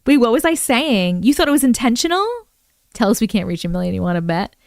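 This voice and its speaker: A woman hosting a casual livestream, excitable and quick to exclaim at viewers' comments. Her voice sits a little high and comes through smooth and resonant. The sound is close and dry, with no room around it. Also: no echo. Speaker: livestream host reading viewer stories.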